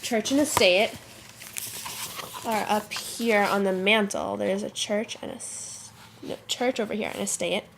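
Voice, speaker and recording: A woman's voice: medium pitch, unhurried, creaky, background noise. A teenage girl who is sick and congested, rambling to her webcam in her bedroom, chatty and easily sidetracked. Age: teens. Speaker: vlogger. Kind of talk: casual chat to camera.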